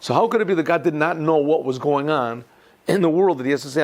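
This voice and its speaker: A rabbi teaches an informal Torah class in a gravelly, raised voice. He clears his throat often and trips over restarts as he works his thoughts out aloud. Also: fairly high pitch, fast talker.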